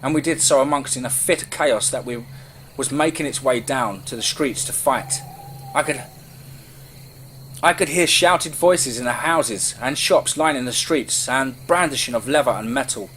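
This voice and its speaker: A man's voice: mid-range voice, moderate pace, fairly bright tone, slight background noise. Man narrating a horror story over crickets. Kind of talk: dramatic first-person horror storytelling.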